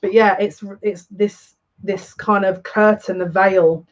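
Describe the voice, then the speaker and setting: A woman giving a live tarot card reading, musing aloud in a halting way and repeating words as she searches for meaning. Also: medium pitch, fairly even intonation, muffled recording. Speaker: psychic tarot reader.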